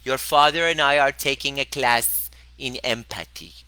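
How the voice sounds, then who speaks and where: A man's voice: medium pitch, moderate pace, pushed and bright, smooth, voice pushed up, natural voice, poor audio. A man imitating his older mother, who speaks in a stiff, formal way. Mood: earnest.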